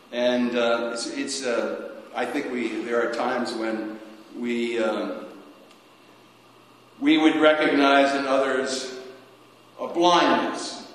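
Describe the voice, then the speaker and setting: A man preaching a sermon as a priest, slow and halting, often restarting his sentences. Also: medium pitch, a bit bright. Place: church. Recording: echoey church with long reverb.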